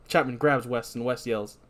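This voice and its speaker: A man hosting a podcast, recapping a movie scene by scene with animated storytelling and self-deprecating asides. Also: mid-range voice. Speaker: podcast host.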